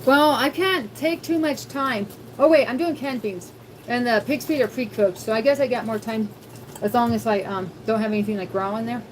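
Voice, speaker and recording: A woman with a fairly high voice, speaking at normal speed, runs a relaxed cooking livestream at home, talking to her viewers and musing aloud as she goes. The recording is low quality with a little hiss or hum.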